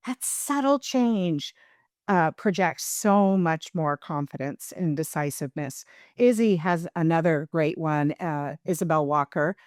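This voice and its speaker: A woman with a fairly low voice hosts the discussion, agreeing readily and turning to guests with questions. Her delivery is relaxed, with the odd filler. The recording is close and dry. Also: measured pace, dry recording. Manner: affirming, leads the discussion with some fillers. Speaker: podcast host. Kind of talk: conversational coaching talk.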